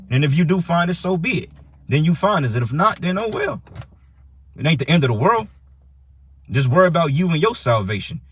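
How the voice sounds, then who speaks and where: A man's voice: a little high, slightly rough, no echo. A man teaching for a religious camp, giving a heated, profane preaching rant that reads and explains scripture.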